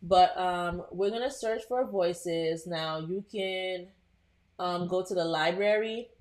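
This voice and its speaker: A woman with a lowish voice hosting a live tutorial. She chats directly to her viewers as "you guys", narrating each click with plenty of "um" and "like". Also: slow, darkish tone. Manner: chatty, addresses viewers as "you guys", frequent "um" and "like". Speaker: host.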